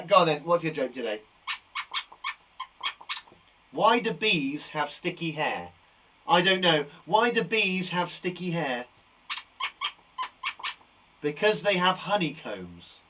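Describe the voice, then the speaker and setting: Upbeat teacher, lively pitch. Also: male voice, normal speed, pauses often, recorded from a distance, a little hiss or hum. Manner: upbeat, warmly encouraging, chatty with a puppet. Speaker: primary school teacher. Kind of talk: live online lesson for young children. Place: garden shed.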